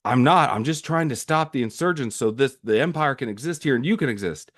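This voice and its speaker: A man's voice: medium pitch, expressive, brisk, dry recording, clean studio sound, voice pushed up, close to an everyday voice. A man acting out a defensive young male imperial officer, insisting on his innocence while retelling a scene.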